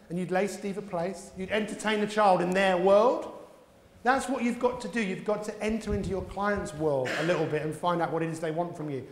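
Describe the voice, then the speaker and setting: A man delivers a motivational keynote in a conference hall, his voice sitting high for a man. He is a lively storyteller who jumps into character voices. The echoey hall leaves a long reverb trailing after his words. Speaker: keynote speaker.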